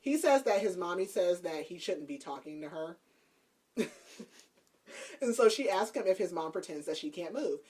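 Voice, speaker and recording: A woman's voice: fairly low pitch, expressive, normal speed, pauses often, a little mellow. A woman podcast host casually recapping a book's plot, chatty and laughing, with lots of "like". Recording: voice a bit far from the mic.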